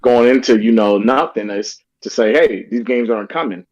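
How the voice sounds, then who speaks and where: A man's voice: medium pitch, normal speed, no echo. Man chatting on a dull, dry line. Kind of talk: casual gaming chat.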